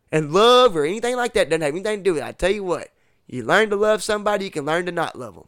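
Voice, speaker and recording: Blunt, swearing man with a high voice. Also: fairly bright tone, no room sound, clean studio sound. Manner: blunt, profane, emphatic rant; uses rural slang like ain't and y'all. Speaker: podcast guest. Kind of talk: casual chat.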